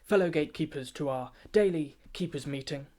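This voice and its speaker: A man's voice: fairly high pitch, a little fast, a little mellow, natural voice. A man playing a pompous, snobbish male poetry gatekeeper, reciting comic rhyming verse like an official briefing. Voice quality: pompous, grandiloquent, rhythmic recitation. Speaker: comic poet. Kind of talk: comic rhyming spoken-word satire.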